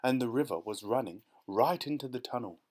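A man narrates a children's storybook aloud, reading steadily with plenty of expression. His pitch sits in a middle range for a man. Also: lively intonation, a little fast, darkish tone. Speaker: audiobook narrator.

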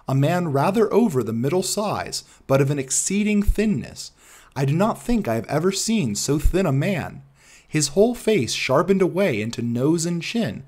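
A male audiobook narrator reads a classic tale in a measured storytelling manner. His voice sits a little high, and his intonation moves expressively through each line. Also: a little mellow.

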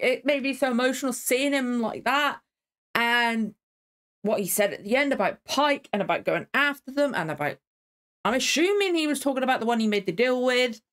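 A young woman hosts a casual show reaction in a slightly high voice. She rambles and repeats herself while thinking aloud, then bursts into excited exclamations. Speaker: YouTube reaction host.

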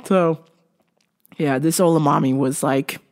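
A woman's voice: deep voice, fairly even intonation, slow, a little mellow. A woman telling a comedic story on her vlog, cursing, laughing often and acting out the people in it. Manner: profane, laughs often, acts out scenes. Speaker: vlogger.

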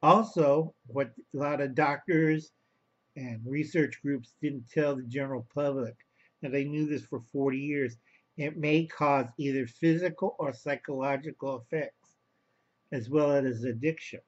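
A man's voice: mid-range voice, a little slow, breathy edge, lo-fi sound. A man rambling through a home video monologue, talking to his viewers as boys and girls and calling himself by name in the third person. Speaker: vlogger.

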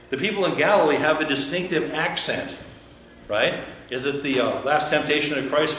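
Slight background noise accompanies this man's a-little-high voice as he preaches in a very echoey church. The pastor keeps his sermon conversational, chatty, and joking, regularly posing questions to listeners.

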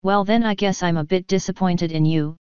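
A woman's voice: on the low side, fairly quick, clear, resonant tone, no room sound, muffled recording, close to an everyday voice. A woman voicing a young male pegasus pony soldier, earnest and accusing, in a storybook reading. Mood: resolved. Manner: accusing, indignant.

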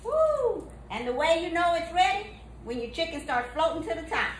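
A woman hosting a casual cooking demonstration in a home kitchen, folksy and exuberant, breaking into high whoops. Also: brisk, a little hiss or hum, low-quality recording. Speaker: cooking show host.

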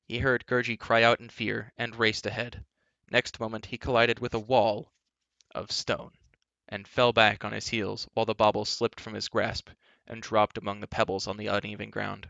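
Gravelly man reading a storybook aloud. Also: fairly low pitch, little pitch movement, normal speed, bright, forceful tone, no room sound. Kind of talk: reading a children's novel aloud. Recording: dull, dry lo-fi recording.

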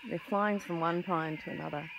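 A young woman vlogger stands outdoors among trees feeding wild kookaburras, cooing pet talk at them and muttering asides to a handheld camera held off to her side. Her voice sits fairly low with fairly even intonation, a moderate pace and some vocal fry. Background noise is audible in this casual chat to the animals and the camera.

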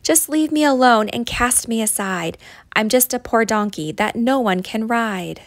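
A woman voicing a small, weak and timid male donkey in a storybook, pleading in a high, tearful voice. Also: expressive, a little slow, dry recording. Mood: sad.

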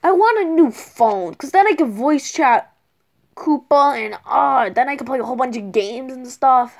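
A woman's voice: high-pitched, expressive, moderate pace, creaky. A woman voicing a spoiled, whiny young male turtle prince who pleads and gushes in a homemade toy skit. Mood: eager.

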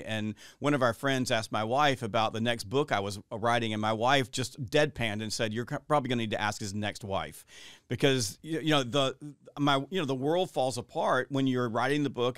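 A man's voice: medium pitch, fairly bright tone, clear, resonant tone, no echo, clean studio sound. A middle-aged man hosting a podcast interview, talking earnestly with frequent restarts. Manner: earnest, rambling with many restarts. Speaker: podcast host. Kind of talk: conversational interview.

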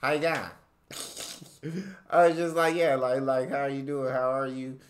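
A young American man talks through a reaction video in a loose, chatty way, his voice sitting at an ordinary middle pitch. He rambles with fillers and easy laughs, like a host talking to his regular viewers. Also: steady tone, takes it slowly, a little hiss or hum. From United States. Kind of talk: casual reaction commentary.

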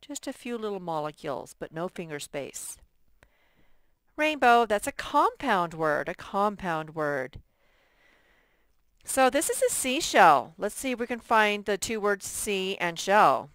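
Woman teacher going slow thru a first grade workbook, smooth clear voice, dry close mic. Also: medium pitch, big pitch swings, fairly bright tone, no echo. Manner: slow, patient, sounding out words for young children.

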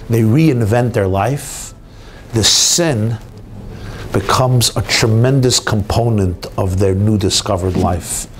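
A man, a rabbi, giving an inspirational talk at an event, telling stories and jokes with lively swings in his voice for emphasis. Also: a little hiss or hum. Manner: animated storyteller, swings pitch for emphasis. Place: hotel event hall.

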